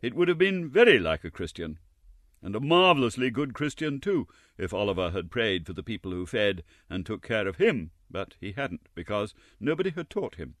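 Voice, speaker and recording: A male audiobook narrator with a lowish voice that rises and falls in a very lively way. He reads with an expressive, wry touch, recorded close and dry. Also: moderate pace, no echo.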